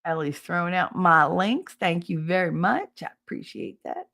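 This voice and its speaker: Woman streamer, forties, low-set voice that leaps up high when she quotes people, chatty storyteller. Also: normal speed, creaky. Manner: animated, acts out quotes with big pitch jumps. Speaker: livestream host. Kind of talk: casual storytelling to chat.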